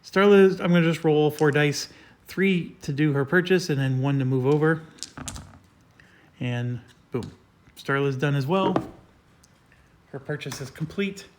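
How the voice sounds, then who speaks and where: A man's voice: on the high side, measured pace, long pauses, slight background noise. A man hosting a board game playthrough, explaining each move step by step with frequent fillers. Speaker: host.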